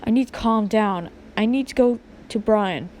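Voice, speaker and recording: Cranky kid who hunts for his lost toy, voiced by a woman: high and whiny, slow and deliberate. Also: slight background noise. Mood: grumpy. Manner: whiny, shouting when frustrated. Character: hot-tempered boy hunting his lost toy. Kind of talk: homemade animated skit voicing.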